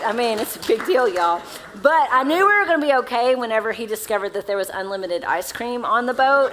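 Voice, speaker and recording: A woman's voice: mid-range voice, a bit bright, a little hiss or hum, low-quality recording. A woman pastor with a Southern accent, preaching a sermon in a casual, conversational way and asking the congregation questions. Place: church sanctuary.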